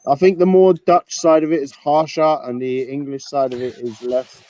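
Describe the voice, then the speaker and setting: A man's voice: a little high, little pitch movement, moderate pace, warm tone, no echo, highs cut off. A man in a casual online chat giving blunt opinions on accents. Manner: blunt, swears while impersonating.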